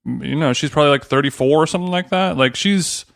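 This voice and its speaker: Brief: male podcast co-host, slightly higher voice, dry sound, sarcastic quick wit. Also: gravelly, fairly bright tone, no echo. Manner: sarcastic, quick-witted banter. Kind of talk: casual podcast chat.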